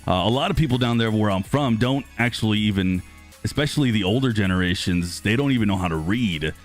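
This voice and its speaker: A man in his thirties casually chatting with viewers on a live stream, rambling and talkative, losing his voice and clearing his throat. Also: fast talker, faint music behind. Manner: chatty and rambling, lively pitch swings when greeting viewers. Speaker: streamer host reading live chat.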